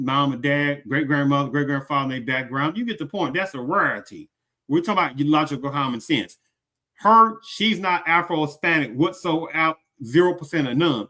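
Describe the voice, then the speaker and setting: Bright-voiced man ranting on his show. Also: a little high. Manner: emphatic and repetitive, keeps saying "you get the point, right?"; rambling, with many restarts. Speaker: commentary show host. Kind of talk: unscripted opinion commentary.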